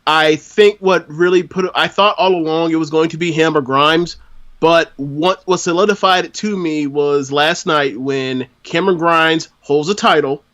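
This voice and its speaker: Slightly high and a bit bright, this Florida man's voice moves at normal speed. As a podcast guest in a relaxed wrestling review chat, he's chatty, full of fillers, and tends to talk around what he means.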